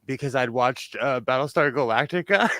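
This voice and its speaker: A man's voice: mid-range voice, normal speed, fairly bright tone, no echo. A man from Southern California with a Southern Californian accent, chatting casually and laughing often. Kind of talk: casual group chat.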